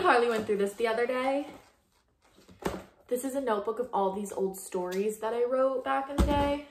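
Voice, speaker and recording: A woman's voice: on the high side, normal speed, background noise. A young woman, chatting casually to viewers as she cleans and tidies her home. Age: young adult. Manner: chatty, talks to viewers while tidying. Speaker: lifestyle vlogger. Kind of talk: casual cleaning vlog chat. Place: home, bathroom and closet. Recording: echoey room.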